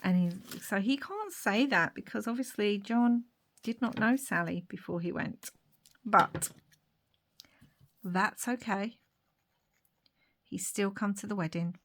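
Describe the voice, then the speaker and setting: A young woman chatting casually to her viewers while she crafts, laughing often and dropping into soft whispered asides. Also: mid-range voice, slow, long pauses. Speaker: craft vlogger.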